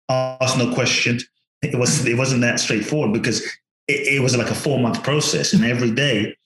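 Animated man telling a story, echoey room. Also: mid-range voice. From from outside the US. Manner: animated, acts out his own thoughts. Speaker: podcast guest, personal development teacher. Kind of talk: storytelling in conversation.

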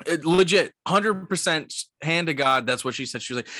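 A man's voice: a little high, moderate pace, dry recording. A young man in his twenties, a podcast co-host telling a story in a casual, profane way, full of "like". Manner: profane, animated, lots of "like".

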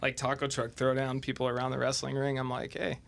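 A man hosting a casual podcast chat, easygoing and quick to react. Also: mid-range voice, completely flat delivery, creaky, fairly bright tone. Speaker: host.

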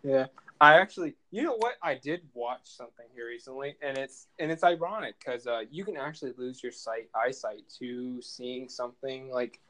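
A man's voice: medium pitch, moderate pace, pushed and bright, rough recording. A young man co-hosting a casual podcast chat, rambling and laughing often. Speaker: podcast co-host.

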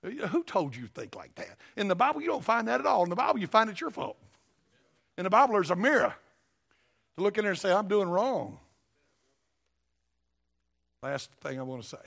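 A high, gravelly-voiced man preaching in a folksy, emphatic style. He speaks with a drawl and often repeats himself for effect. He sounds middle-aged. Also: very animated, fast talker, a bit bright. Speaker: pastor. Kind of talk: sermon.

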